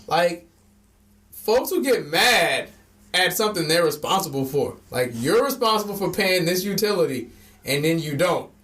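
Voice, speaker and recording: A young man with a high-pitched voice chats on a podcast with plenty of energy. He swears freely and slips into quoted voices as he acts out customers. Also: expressive, moderate pace, a bit bright. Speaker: podcast co-host. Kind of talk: casual chat.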